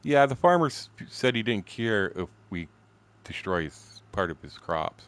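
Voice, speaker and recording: A man's voice: on the low side, very animated, unhurried, fairly bright tone. A man in his sixties, a gaming streamer, telling a story in blunt, profane, casual talk. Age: 60s.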